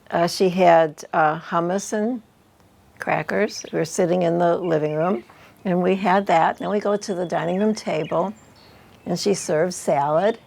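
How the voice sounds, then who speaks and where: A woman in her eighties, an interview guest speaking earnestly in a casual chat, explaining plainly with soft laughs. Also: fairly low pitch, vocal fry. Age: 80s.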